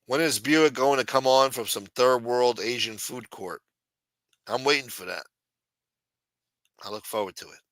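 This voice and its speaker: A man's voice: mid-range voice, moderate pace, long pauses, fairly bright tone, dry recording, low-quality recording. A man hosting a late-night talk show, ranting bluntly with lots of profanity. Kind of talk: casual talk-show rant.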